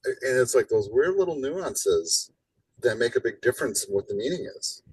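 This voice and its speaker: A man's voice: mid-range voice, normal speed, recorded from a distance, a little hiss or hum, low-quality recording. A man teaching a live college class in a casual lecture style, tagging points with "right?" and playing up his emphasis. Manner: casual, rhetorical "right?" tags, animated emphasis. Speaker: college instructor.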